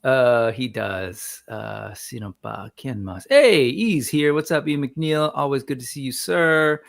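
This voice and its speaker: A man's voice: medium pitch, slow, creaky. A man in his forties hosting a casual livestream, chatting loosely and greeting viewers by name as he reads the live chat. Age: 40s. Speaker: host.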